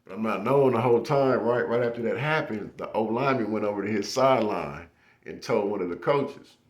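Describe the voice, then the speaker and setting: Young man, low-pitched, casual storyteller, echoey room. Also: fairly quick. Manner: animated, laughing, with acted-out shouts.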